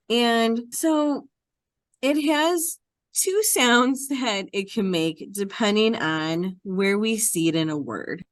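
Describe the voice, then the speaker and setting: A woman teacher walks through a reading lesson in a patient, repeating classroom way. She speaks slowly at an ordinary pitch. The recording is dry, with no room around her. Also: no echo. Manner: patient, repetitive classroom explaining. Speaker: Hebrew teacher. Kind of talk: explaining a reading lesson step by step.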